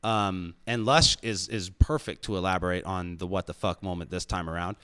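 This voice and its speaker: A man's voice: low voice, fairly bright tone, clean tone. Rambling profane male podcast host. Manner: rambling, profane, halting with many fillers and restarts. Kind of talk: rowdy casual podcast banter. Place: home studio with co-hosts, drinking.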